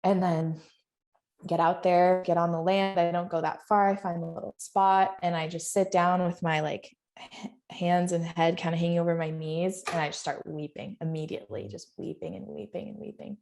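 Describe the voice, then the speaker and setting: A woman's voice: fairly low pitch, moderate pace, gravelly, darkish tone. A woman guest on a podcast, sharing a personal story earnestly and emotionally, often laughing as she talks.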